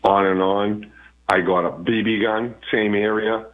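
A man's voice: fairly low pitch, fairly even intonation, a little slow. A man calling in to a radio talk show, telling his stories in a rambling way. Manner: rambling storyteller. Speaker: caller. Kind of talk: phone-in call. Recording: tinny phone line.

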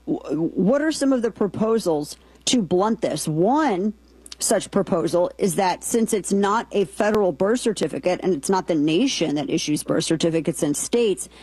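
A woman's voice: fairly low pitch, animated, normal speed, dark tone, breathy edge, no echo, low-quality recording. A woman hosting a political talk show, giving emphatic, indignant commentary and reading quotes aloud.

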